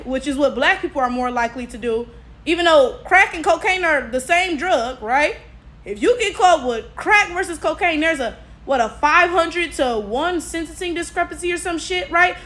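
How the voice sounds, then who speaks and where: A young woman giving animated, profane reaction commentary, punctuating points with "okay?" and "right?". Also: high-pitched. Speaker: commentary vlogger.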